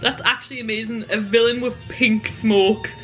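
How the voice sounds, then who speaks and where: A young woman chatters to her vlog camera at home, gushing and tumbling over her words. Her voice sits a little high and rings bright and sharp. Television audio plays faintly behind her in the living room. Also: soft background music. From United Kingdom. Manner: excitable, gushing, rushed chatter. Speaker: vlogger. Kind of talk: casual vlog chat.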